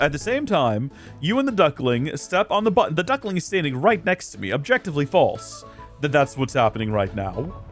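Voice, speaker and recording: Over faint game music, a man gives commentary on his gameplay in a fairly high, sing-song voice that jumps around in pitch. He talks fairly quickly, full of joking frustration and meandering tangents.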